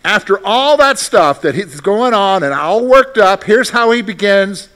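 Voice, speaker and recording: A middle-aged man, a pastor, reading scripture slowly and then preaching with lively rhetorical questions. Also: sits high. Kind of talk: sermon.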